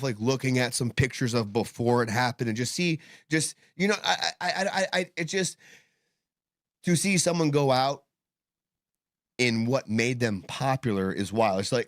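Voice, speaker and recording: A man's voice: mid-range voice, a bit bright, no room sound, studio quality. A man co-hosting a casual podcast discussion, rambling and swearing with many fillers and restarts, talking with tobacco in his mouth. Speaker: podcast co-host.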